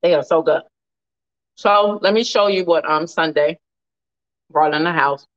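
A woman hosting a casual live cooking stream, animated and laughing often as she reads viewer comments aloud. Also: deep voice, a little slow, dull audio.

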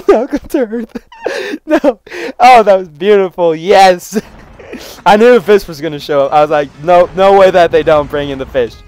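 Excitable high-voiced man reacting. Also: moderate pace, smooth. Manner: excitable, loud outbursts, frequent laughter. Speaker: YouTuber reacting to memes. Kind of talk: reaction commentary.

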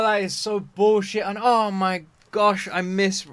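A young man hosting an anime reaction, loud and exasperated, swearing often in casual commentary. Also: high-pitched, fairly even intonation, brisk, hardly any pauses, no echo.

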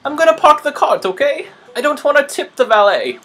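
A man's voice: extremely high pitch, expressive, a little fast, bright, forceful tone, faint music behind, pitched above the performer's own voice, exaggerated voice. A man voicing a chatty adult male plumber brother from a video game in a vague made-up accent.

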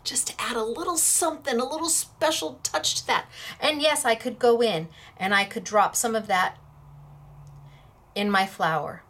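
A woman's voice: fairly high pitch, normal speed, a bit bright. A woman hosting a crafting class, talking in a chatty, playful way while she demonstrates.

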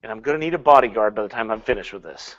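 A man preaching a sermon in an animated way, swinging between loud and hushed, laughing often and mocking with put-on quotes. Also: lowish voice, racing, highs cut off.

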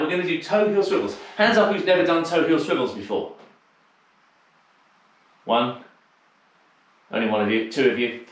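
A man teaching a live online dance class, counting the steps aloud in rhythm and explaining them in a chatty way between counts, a little out of breath. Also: mid-range voice. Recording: echoey room, distant mic, noisy.

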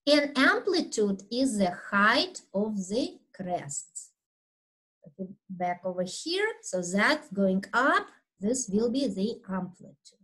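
Woman lecturer, slow deliberate delivery, naturally loud, medium pitch, walks students through slides. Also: big pitch swings, low-quality recording. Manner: unhurried, explanatory, with fillers and throat clearing; talks loudly by habit. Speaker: anatomy instructor. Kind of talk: recorded video lecture.

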